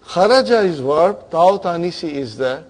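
A man's voice: on the high side, animated, moderate pace. A man teaching a grammar class, questioning his students and checking in with them often.

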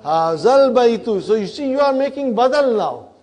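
A man teaching an Arabic grammar class, coaxing students through exercises, repeating their answers and teasing them gently. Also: very high voice, sing-song, fast talker. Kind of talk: classroom lesson.

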